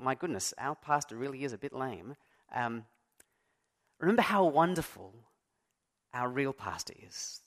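In a church, a male pastor preaches a sermon in a conversational, self-deprecating way, stressing key words. His voice is fairly high in pitch with a fairly bright tone.

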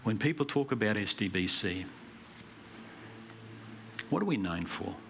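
A man's voice: fairly low pitch, a little slow, gravelly, slight background noise. A male pastor delivering an earnest, emphatic sermon in a church. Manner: earnest, emphatic preaching with animated anecdotes. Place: church hall.

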